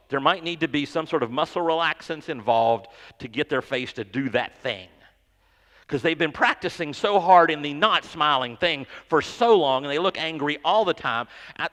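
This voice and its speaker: A man's voice: fairly high pitch, bright, forceful tone, big-room sound. A pastor giving a sermon in a conversational, joking way, often repeating words as he goes. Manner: conversational, self-deprecating, stammers and repeats words. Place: church sanctuary.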